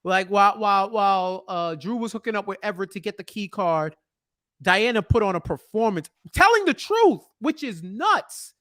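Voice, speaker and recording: A man co-hosting a TV recap podcast in casual chat, joking and animated, often restarting his sentences. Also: high voice, moderate pace. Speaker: podcast co-host.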